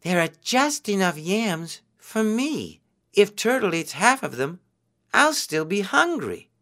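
A man voicing a greedy, bossy male spider trickster in a storybook tale, speaking high and loud. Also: sing-song, takes it slowly, heavily acted. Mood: scheming. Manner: shrill, scolding, loud.

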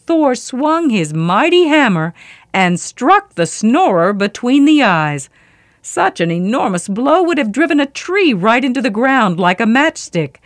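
A woman reading a myth aloud as a storyteller, expressive and vivid. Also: mid-range voice, dry recording, studio quality.

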